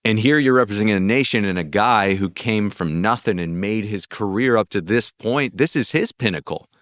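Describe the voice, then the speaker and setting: Deep, gritty-voiced man telling stories. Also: normal speed, no room sound, clean studio sound. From North Carolina. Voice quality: gritty chest voice. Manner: animated, rambling anecdotes with acted-out quotes. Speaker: guest voice actor. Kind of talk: casual interview storytelling.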